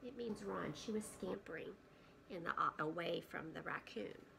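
A woman preschool teacher reading a picture book aloud to children, gentle and often hushed, stopping to ask questions. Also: lowish voice, normal speed, gravelly, slight background noise.

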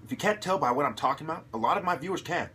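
A man delivering an angry, profane monologue to his viewers, ranting aggressively and rising to shouts. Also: a little high, expressive, very fast, a little hiss or hum. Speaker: channel host.

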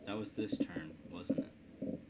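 Whispering slowly in a low, steady voice, a let's play host from Indiana, United States, rambles through casual gameplay commentary at his home computer. He jokes and pokes fun at himself.

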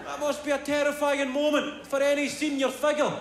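High-pitched stand-up comedian, echoey venue. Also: male voice, fairly quick. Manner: animated storytelling, bursts into shouted impressions. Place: large live comedy venue. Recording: echoey live venue with audience laughter. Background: crowd laughing.

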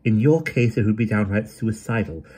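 A man voicing a brisk, severe young woman who speaks in a crisp, emphatic, commanding way. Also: on the low side, a little mellow, voice pushed up.

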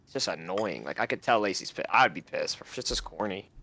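Teasing young man, lively voice. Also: sits low, brisk. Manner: teasing, crude banter. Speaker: streamer friend. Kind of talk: casual live-stream chat.

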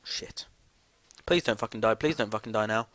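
A man's voice: on the low side, moderate pace, a bit bright. A young man swearing his way through casual gameplay commentary, jumpy and given to sudden screams.

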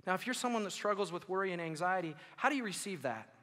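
A man preaching to his congregation, his voice bright and a little higher than most men's. He talks in an animated way and puts on exasperated voices for worried listeners. A long church reverb trails every phrase. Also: fast talker. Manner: animated, acts out worried listeners and quotes with rising volume. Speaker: pastor. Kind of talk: sermon. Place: church sanctuary.

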